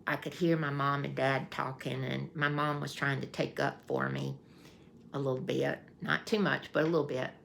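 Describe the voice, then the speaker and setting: Woman in her fifties, low voice, gravelly, unhurried, folksy rambling vlog storytelling. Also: little pitch movement, fairly bright tone, slight background noise. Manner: folksy, meandering with restarts and fillers. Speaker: vlogger. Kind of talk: casual storytelling.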